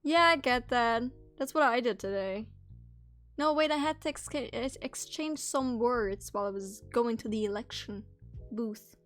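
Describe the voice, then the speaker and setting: A woman's voice: a little high, moderate pace, fairly bright tone, faint music behind. A young woman live-streaming in casual chat, teasing her friends playfully and swearing freely.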